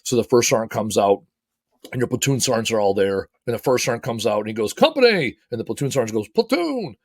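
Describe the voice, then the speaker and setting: A man's voice: on the low side, fairly even intonation, fast, darkish tone, no echo. A middle-aged man from the United States hosts his own motivational talk, speaking with energy and emphasis. He swears casually and punches his key points. The recording is dry and close, with no room sound. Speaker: host.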